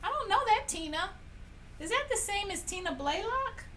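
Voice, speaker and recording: A woman's voice: very high-pitched, expressive, normal speed, fairly bright tone. A woman hosting a live painting stream, chatting cheerfully with viewers as she draws prize winners and laughs often. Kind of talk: casual live-stream chat, running a prize drawing. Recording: a little distant from the mic, faint room noise.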